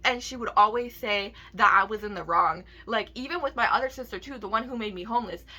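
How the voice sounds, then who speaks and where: A woman's voice: mid-range voice, fast talker, pushed and bright, lo-fi sound. A young woman in a casual vlog, ranting emotionally to her viewers with heavy swearing.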